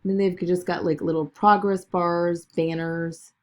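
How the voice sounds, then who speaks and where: A woman giving a chatty screen-recorded software tutorial, talking through each click with lots of "okay" and "all right". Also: lowish voice, little pitch movement, measured pace, lo-fi sound. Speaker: business video tutor.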